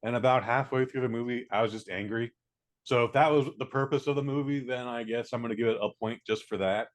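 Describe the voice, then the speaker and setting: A man with a medium-pitched voice gives a casual movie review that's blunt and profane. He's animated, acting out scenes by mimicking characters in quick little voices.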